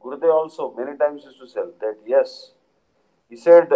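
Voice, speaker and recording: A spiritual teacher gives a devotional lecture in a medium-pitched male voice with phone-quality sound. He explains patiently and unhurriedly, using frequent fillers and often checking in with listeners by asking "Understand?"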